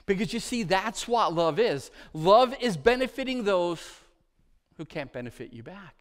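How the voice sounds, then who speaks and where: A man with a notably high voice preaches a sermon from the pulpit of a church. He builds points through repeated lists and swings between emphatic, raised declarations and quiet, hushed phrases. The delivery is earnest and dynamic throughout. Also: lively intonation, moderate pace. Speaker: pastor. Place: church sanctuary.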